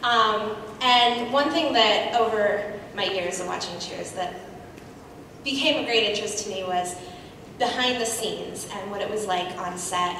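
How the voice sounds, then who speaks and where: A woman's voice: mid-range voice, background noise. A young woman in the audience putting an eager, chatty question to a panel guest. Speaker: audience member asking a question. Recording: echoey hall from far off with crowd.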